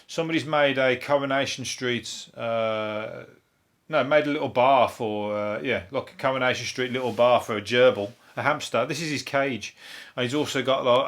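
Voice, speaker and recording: A man's voice: medium pitch, fairly bright tone. Rambling, sweary Birmingham man. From Birmingham, England. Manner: rambling, sweary, chuckles to himself. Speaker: podcast host and comedian. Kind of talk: casual solo podcast chat.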